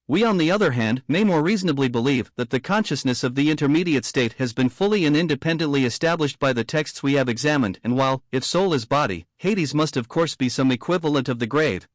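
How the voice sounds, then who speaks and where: A man reading a theological book aloud in a steady, measured, formal way. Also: on the high side, no echo, clean studio sound. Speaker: audiobook reader.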